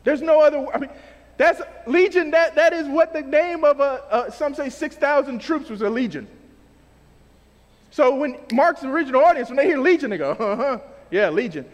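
This male preacher's very high voice swoops widely as he delivers a casual, slang-heavy sermon at normal speed. A long reverb from the hall hangs on his words.

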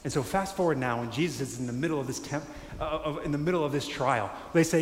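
A man preaching a sermon in a conversational, animated way, acting out quotes. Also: a little high, quick pace, hardly any pauses. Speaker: pastor. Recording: echoey hall with faint ambience.

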